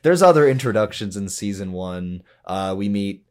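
Very deep-voiced man chatting casually. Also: expressive, normal speed, a little mellow. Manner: rambling, explains at length, laughs often. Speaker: podcast co-host. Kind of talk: casual chat.

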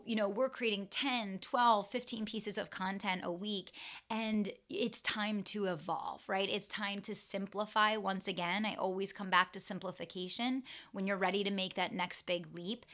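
A woman's voice: mid-range voice, fairly bright tone. A woman hosting her own business podcast alone, talking earnestly and stacking up lists and restated phrases. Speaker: podcast host and business owner. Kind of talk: solo podcast monologue.

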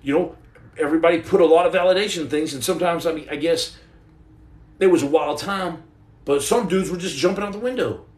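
A man's voice: on the high side, a little fast, echoey room, distant mic. A man in his forties hosting a casual livestream from home, rambling and joking while he paints and answers viewer comments. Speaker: livestream host. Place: indoor room at home.

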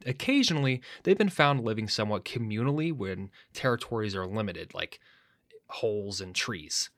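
A man's voice: lowish voice, animated, normal speed, a bit bright, no echo, studio quality. Chatty, enthusiastic male podcast host. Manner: enthusiastic, chatty, with self-correcting restarts. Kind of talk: casual educational narration.

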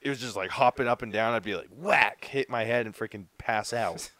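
This man's voice is on the low side, a bit fast and sharp in tone. He's a podcast co-host chatting casually in a relaxed, loose way, filling his speech with words like "like" and "dude."

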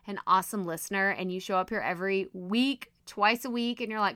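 Give me a chatty, self-deprecating woman podcast host with a bright, slightly hoarse, strained voice. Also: medium pitch, brisk, hardly any pauses, dry recording. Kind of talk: casual solo podcast teaching.

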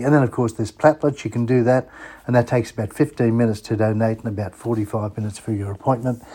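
A man's voice: medium pitch, darkish tone. A man with an Australian accent, hosting a casual travel show, chatting and spelling out web addresses for sponsors. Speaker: radio host. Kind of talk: casual chat with sponsor plugs.

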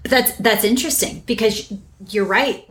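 A woman's voice: a little high, normal speed, fairly bright tone. A woman hosting an interview, asking her guest curious follow-up questions. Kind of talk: conversational interview.

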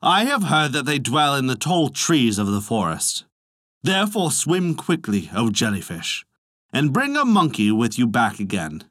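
A man's voice: medium pitch, huge pitch swings, normal speed, a bit bright, no room sound. A regal old-fashioned dragon king of the sea, as a male storyteller voices him, speaking with a pleading, commanding storybook grandeur. His tone swings widely, recorded close and dry.

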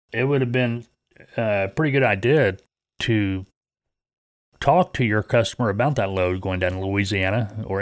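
Male podcast host, folksy rambling delivery, mid-pitched, dry close sound. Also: no room sound. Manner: rambling, folksy, many fillers and restarts. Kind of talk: casual podcast talk.

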